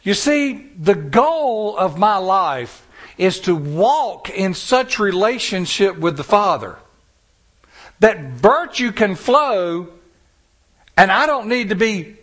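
High-pitched preacher guy, emphatic, drags out the big words. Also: sing-song, fairly bright tone. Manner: emphatic, drawn-out stresses, storytelling. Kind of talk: sermon.

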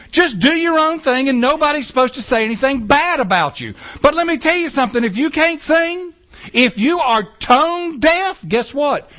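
Male pastor, sermon delivery, animated and joking; high, bright, lively voice. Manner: animated, joking preaching with acted-out quotes.

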